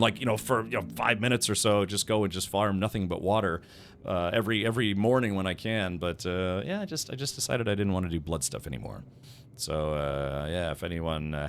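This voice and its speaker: A man's voice: lowish voice, slight background noise. A man streaming a video game, chatting casually and rambling with many restarts and self-corrections. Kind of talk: casual gameplay chat.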